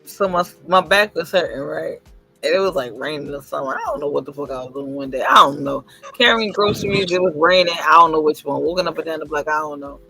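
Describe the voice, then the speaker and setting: Woman host, casual stream chat, crude and joking, bright voice, faint music underneath. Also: sits low, quick pace, creaky, breathy edge. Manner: brash, profane, jokey storytelling.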